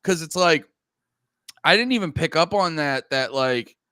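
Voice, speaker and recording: A man's voice: fairly high pitch, measured pace, clear, resonant tone, no room sound, clean studio sound. A man chatting casually about movies as a podcast co-host, rambling and acting out his reactions. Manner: animated, rambling, acts out what he thought.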